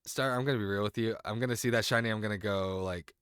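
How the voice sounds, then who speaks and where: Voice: mid-range voice, fairly even intonation, very fast, fairly bright tone, faint music behind. A streamer chatting casually on a group stream, joking around and swearing freely.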